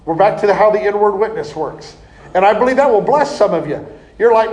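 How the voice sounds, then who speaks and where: A man delivering a lively, folksy sermon and laughing often. His voice sits high for a man. He is recorded in an echoey church hall. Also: brisk. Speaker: preacher. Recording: echoey room.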